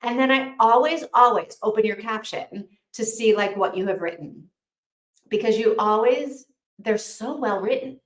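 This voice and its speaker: Woman, fairly high voice, livestream host, excitable and gushing, echoey room. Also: moderate pace. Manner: gushing and excitable, with frequent "oh my gosh". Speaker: host of a live reading sprint. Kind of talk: casual livestream chat.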